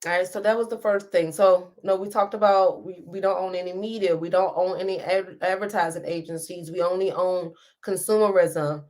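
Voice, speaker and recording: A woman hosting a live stream reads live comments and speaks to her viewers in an impassioned, preachy way, close to tears. Her voice is fairly low and a little mellow, with fairly even intonation, a moderate pace and few pauses.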